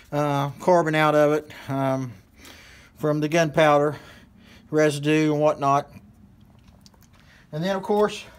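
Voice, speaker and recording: Slow-talking West Virginia man, high voice. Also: clear, resonant tone. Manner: folksy, rambling, many fillers. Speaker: hunting channel host. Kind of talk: casual how-to demonstration.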